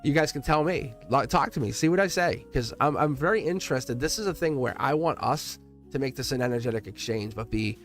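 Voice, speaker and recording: A middle-aged man hosts a live tarot stream and talks at length to his viewers in a voice of ordinary pitch for a man. He is effusive and rambling, restarting his sentences and laughing often. Soft music plays faintly behind him. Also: a little fast. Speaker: live tarot reader and channel host.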